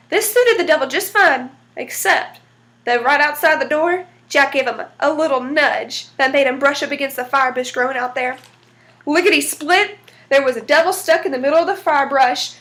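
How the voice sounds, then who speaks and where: A woman with a high voice reads a folk tale aloud. She tells it in a folksy, lively way. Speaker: storyteller.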